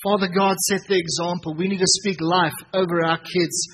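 Husky high-voiced preacher. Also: male voice, normal speed, rough recording. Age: 30s. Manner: animated storytelling, acting out family dialogue. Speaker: pastor. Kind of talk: sermon.

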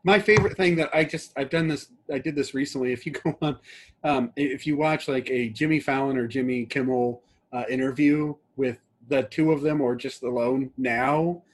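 Speaking at normal speed in a mid-range voice, a young adult man co-hosts a podcast. It's casual, rambling talk packed with fillers and restarts.

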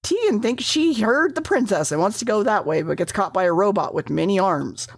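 A woman gives a loose, rambling episode recap, cursing casually and often correcting herself mid-sentence. Her pitch is mid-range for a woman. The recording is dry, with no room echo. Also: expressive, a little fast. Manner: rambling, swearing, self-correcting.

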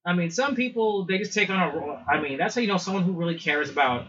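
Rambling, bright-voiced male podcast host. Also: high-pitched, expressive, quick pace. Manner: rambling, many fillers. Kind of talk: casual chat. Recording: dull lo-fi recording.

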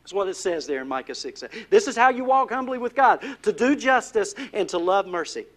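Guy preaching in a church, pretty high voice, keeps asking the crowd questions, goes quiet for the big points. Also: sing-song, a little fast. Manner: asks the congregation questions, drops to a hushed voice for emphasis. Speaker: pastor. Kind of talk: sermon.

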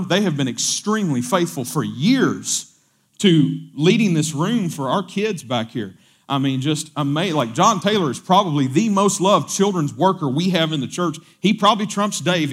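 Chatty pastor, slightly high voice. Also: male voice. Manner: conversational, repeats words, quotes others in animated voices. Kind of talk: storytelling sermon.

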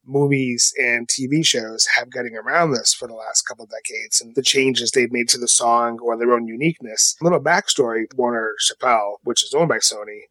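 A man's voice: mid-range voice, fairly bright tone, no room sound, poor audio. Laid-back co-host man. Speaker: podcast co-host. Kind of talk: casual podcast chat. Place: home basement.

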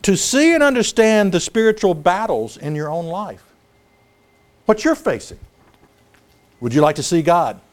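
A man preaching a sermon, animated and dramatic, acting out scripture scenes as he talks. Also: fairly high pitch.

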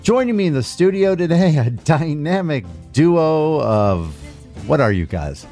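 A man's voice: on the high side, unhurried, faint music behind. A man hosting a radio show and podcast, chatting casually in a studio with a jokey, rambling way of talking. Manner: jokey, rambling, lively delivery.

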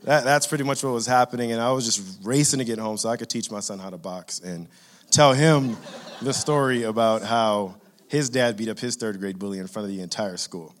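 A man's voice: on the low side, brisk. A man in his thirties from California, telling a personal faith story in an earnest, conversational way. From Inglewood, California. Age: 30s. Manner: earnest, conversational, laughs at his own jokes. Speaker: father sharing a faith testimony.

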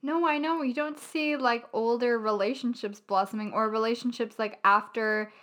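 A woman's voice: a little high, fairly even intonation, moderate pace, a bit bright. A young woman in casual chat, giggly and rambling with lots of fillers.

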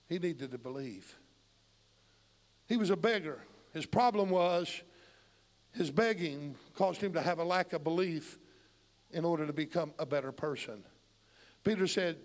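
High-voiced preacher man, booming hall. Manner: impassioned, rhetorical questions to the congregation; swings between low murmurs and shouted climaxes. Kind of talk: fiery sermon. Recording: long hall reverb.

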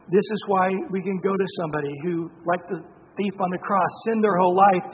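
A man's voice: high-pitched, slight background noise. Emphatic man preaching in a reverberant hall. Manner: emphatic, conversational preaching with asides. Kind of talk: sermon. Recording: dull lo-fi sound with long reverb in a hall.

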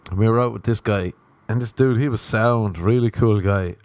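An Irish man rambling through funny stories in a casual, animated way, swearing freely. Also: on the low side, normal speed. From Ireland. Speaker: comedian. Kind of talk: casual comic storytelling.

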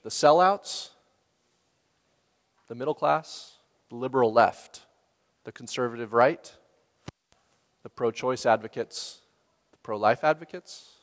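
Male pastor, mid-pitched, chatty sermon delivery, long reverb tail. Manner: conversational, with laughs and rhetorical questions.

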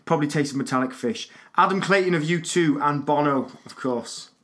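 A man's voice: a little high, normal speed, a bit bright. A man goading his partner to do singer impressions and cracking crude jokes. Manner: goading, crude jokes, hums backing tunes. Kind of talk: comic banter, calling out singers to impersonate.

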